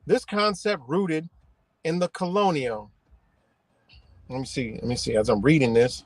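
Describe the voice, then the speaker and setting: A man rants on a casual livestream from behind the wheel of his car. His voice sits a touch high and sounds dry and close, and his talk is profane, animated and rambling. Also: measured pace, no echo. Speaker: livestream host.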